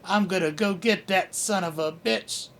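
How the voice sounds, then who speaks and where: A man voicing his sneaky, vengeful female pet cat, who growls slow, low threats. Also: fairly bright tone. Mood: menacing.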